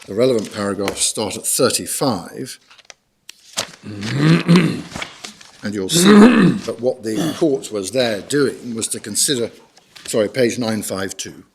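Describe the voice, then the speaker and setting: Formal barrister, low voice. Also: male voice, lively intonation, creaky, background noise. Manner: measured, formal, guides the bench through documents. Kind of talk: courtroom legal argument. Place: court hearing room.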